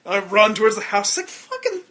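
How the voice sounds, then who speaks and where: Here the voice is high-pitched and brisk: a man hosting a laid-back podcast conversation, slightly stuffy-nosed. He spins animated stories, laughing often, swearing freely, and performing the quotes he recounts.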